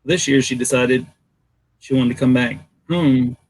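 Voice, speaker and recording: A man telling a rambling personal story on a live video call, relaxed and unhurried. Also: mid-range voice, low-quality recording. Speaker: guest on live hangout. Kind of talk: casual chat.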